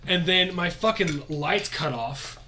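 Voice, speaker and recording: Dude telling a story, kinda high voice, sharp bright tone, swears a lot. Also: male voice, takes it slowly. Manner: profane, laughing storyteller. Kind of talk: casual storytelling chat. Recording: faint background noise.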